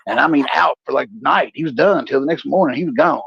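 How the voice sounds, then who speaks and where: A man in his forties, co-hosting a talk show, telling a profane, animated story in a casual way. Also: quick pace, gravelly, highs cut off, background noise. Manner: profane, animated storyteller, puts on high voices for quoted people. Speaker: podcast co-host.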